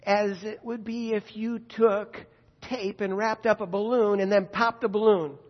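A man's voice: sits high, dull audio. Man preaching in an echoey hall. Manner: conversational, vivid retelling with rhetorical questions. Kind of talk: sermon storytelling.

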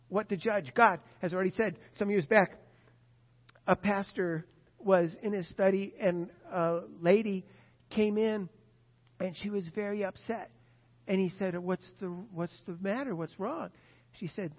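A man preaching a sermon, earnest and emphatic, repeating his key points. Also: high voice. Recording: dull lo-fi sound with long hall reverb.

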